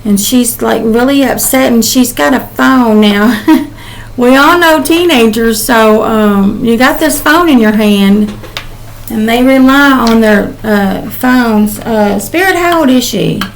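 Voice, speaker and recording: A woman's voice: fairly high pitch, slow, vocal fry, a little hiss or hum, poor audio. Rambling older woman giving a channeled reading. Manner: rambling and emotional, with frequent "um"s. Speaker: psychic channeler. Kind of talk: casual spoken channeling reading.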